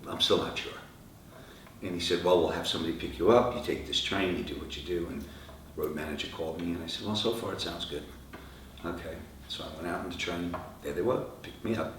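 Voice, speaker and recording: A middle-aged man, a rock singer, telling lively stories in an interview and acting out the voices of the people in them. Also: sits low. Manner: animated anecdotes, acting out quoted dialogue. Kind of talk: storytelling interview answers. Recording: echoey room, from far off, faint noise.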